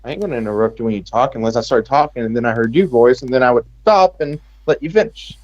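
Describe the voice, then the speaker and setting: A man's voice: mid-range voice, fast, a little mellow, highs cut off. A man from Texas speaking with an American accent, rambling and joking sarcastically in casual chat.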